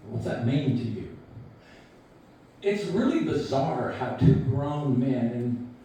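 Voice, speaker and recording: A man in his sixties giving a memorial eulogy, telling stories about a friend in an unhurried, anecdotal way and quoting him with a chuckle. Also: mid-range voice, animated, mellow, a little hiss or hum. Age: 60s. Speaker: eulogy speaker. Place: large echoey hall at a memorial service. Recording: echoey hall recording from far off.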